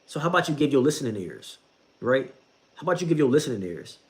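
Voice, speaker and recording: A man's voice: medium pitch, very animated, fast. A young man giving a casual talk about faith, repeating himself a lot and calling the listener bro. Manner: repetitive, conversational, says bro a lot, laughs at own jokes. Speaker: bible reading streamer.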